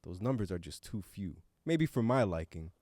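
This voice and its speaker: A man's voice: on the low side, sing-song, moderate pace, darkish tone, no echo, clean studio sound. A man co-hosting a casual podcast roundtable, talking earnestly and reflectively, now and then swearing casually. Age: adult with young son. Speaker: podcast co-host.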